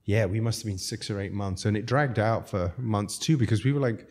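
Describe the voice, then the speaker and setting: Low mellow guy, rambling self-deprecating stories, chatty podcast guest. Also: fairly quick. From outside the United States. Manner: rambling, self-mocking anecdotes with laughs. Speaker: restaurateur guest. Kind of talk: casual storytelling chat.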